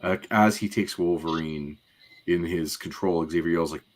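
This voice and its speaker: Deep-voiced man recapping casually. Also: moderate pace. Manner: detailed, rambling recap with many fillers. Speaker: podcast co-host. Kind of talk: casual podcast chat recapping a cartoon.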